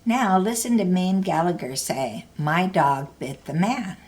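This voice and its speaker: A woman's voice: lowish voice, measured pace, darkish tone. A woman teaching a language lesson, explaining grammar carefully in a scripted narration.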